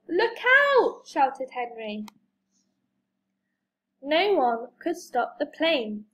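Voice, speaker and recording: A woman reads a children's story aloud at a slow, careful pace. Her high voice swings widely in pitch as she gives the characters their lines. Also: rough recording. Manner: slow, expressive reading with lively character voices. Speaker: reader.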